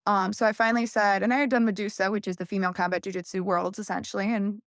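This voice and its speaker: A woman's voice: medium pitch, steady tone, fast talker, no echo, studio quality. A young adult woman, a podcast guest, telling a long story candidly in a casual interview and acting out quoted voices.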